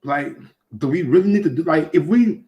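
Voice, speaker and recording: A man's voice: on the high side, moderate pace, warm tone. Loose, profane man hosting boxing talk. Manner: loose, profane, stumbling restarts. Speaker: show host.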